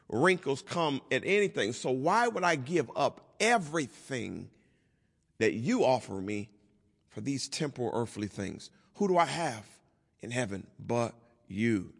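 A male pastor leads a Bible study sermon with a very lively voice that climbs for emphasis and sinks to near quiet. His words ring out with a long reverb, as if in a large hall. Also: medium pitch, creaky. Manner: animated preaching, swings from loud to hushed.

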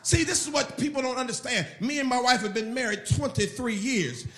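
A man's voice: extremely high pitch, a little fast, sharp tone, echoey room. A middle-aged man, a pastor, preaching a sermon with emphatic storytelling. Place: church.

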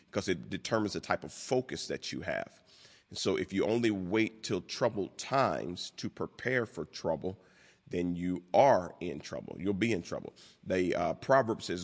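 A man preaching a sermon as pastor, deliberate and repeating key words for emphasis. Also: low-pitched. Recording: long hall reverb.

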